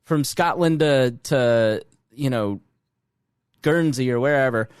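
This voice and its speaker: A man co-hosting a podcast in casual chat, rambling and animated, swearing freely. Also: mid-range voice, slow, smooth, no room sound, studio quality. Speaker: podcast co-host.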